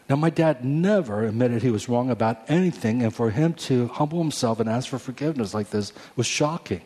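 A man's voice: medium pitch, animated, a little fast, hardly any pauses, warm tone, breathy edge. A man in his forties, a pastor, earnestly telling a personal story in a sermon. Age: 40s. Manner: earnest storytelling with many restarts. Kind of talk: sermon testimony.

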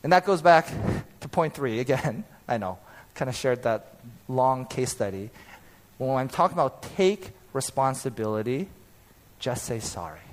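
A man in his thirties preaching as a pastor, telling a personal story with animated, acted-out quotes and frequent laughter. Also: medium pitch, normal speed.

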